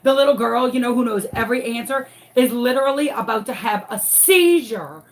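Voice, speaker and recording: A woman telling a dramatic story in a casual, animated way while crafting at home. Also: fairly high pitch, a little fast. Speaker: crafting vlogger and teacher.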